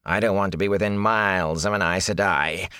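A man voicing a ragged, frightened male peddler who talks in a raspy, hoarse, whining way. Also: low voice, steady tone, brisk, bright, forceful tone, no echo, studio quality. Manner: whining, fearful, rambling.

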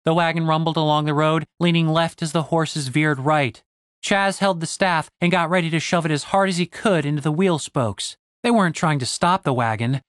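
A man's voice: a little high, moderate pace, fairly bright tone, no echo, clean studio sound. Man narrating a fantasy audiobook.

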